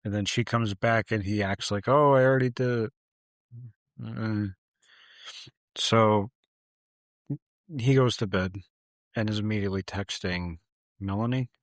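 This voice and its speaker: A man's voice: lowish voice, steady tone, a little slow, long pauses, dry recording, clean studio sound. A man co-hosting a podcast, casually retelling a film's plot and acting out the characters' lines. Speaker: podcast co-host. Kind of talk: casual movie recap chat.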